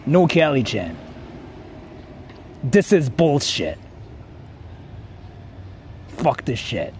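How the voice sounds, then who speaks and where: A man's voice: mid-range voice, very animated, takes it slowly, long pauses, a little mellow, slight background noise. A young man vlogging outdoors, talking casually with lots of swearing, laughing and repeating himself. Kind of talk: casual IRL vlog. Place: outdoors in a city.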